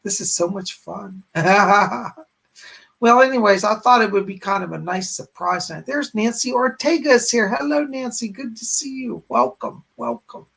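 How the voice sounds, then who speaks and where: A man's voice: high-pitched, normal speed, creaky, fairly bright tone, a little hiss or hum. A man who is a psychic medium, hosting a live stream in a chatty, rambling way and greeting viewers by name. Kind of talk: casual live-stream chat.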